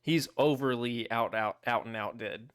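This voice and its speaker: A man's voice: medium pitch, moderate pace, a bit bright, clean tone, no echo, clean studio sound. A man playing in a tabletop game, eagerly describing what his character does. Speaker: player. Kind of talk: casual tabletop game chat.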